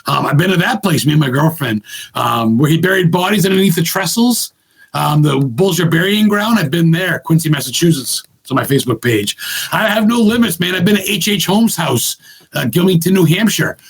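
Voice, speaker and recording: Gravelly, profane man rambling excitedly. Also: on the high side, brisk. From Maine. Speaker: podcast guest, ghost hunter. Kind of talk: casual podcast chat.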